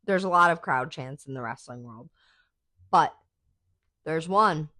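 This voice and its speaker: Low-voiced woman, profane chatty host. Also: animated, unhurried, sharp tone, dry recording, studio quality. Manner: chatty, profane, enthusiastic fan talk with many "like"s. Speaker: podcast host. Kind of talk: casual chat.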